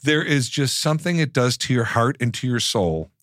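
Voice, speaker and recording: A man's voice: mid-range voice, lively intonation, a bit bright, dry recording. Man, podcast co-host, casual storytelling, gushing, dry close mic. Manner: gushing, storytelling, quick to laugh, restarts sentences. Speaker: podcast co-host and former cast member. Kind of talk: casual chat.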